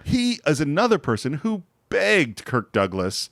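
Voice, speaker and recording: A man co-hosting a film podcast in a casual, chatty way, explaining scenes in a mid-pitched voice that moves up and down a lot. He sits close to the mic in a dry, dead room. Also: huge pitch swings, unhurried, vocal fry, fairly bright tone, dry recording. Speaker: podcast co-host.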